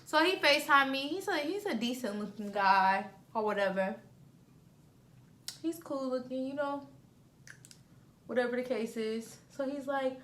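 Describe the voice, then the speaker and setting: A woman in her twenties tells a storytime vlog in animated, slangy style and acts out both sides of each conversation. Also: high-pitched, measured pace, pauses often. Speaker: vlogger.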